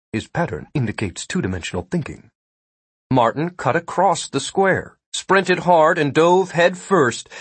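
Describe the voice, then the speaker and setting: A man's voice: on the high side, fairly bright tone, husky, no room sound. A man narrating an audiobook in a wry storytelling manner, read on a close, dry mic.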